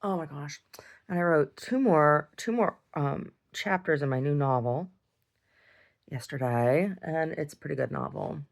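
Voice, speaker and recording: A woman's voice: sits low, unhurried, gravelly. A woman talking casually in a video diary, rambling and often repeating words and restarting sentences. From United States. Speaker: video diarist.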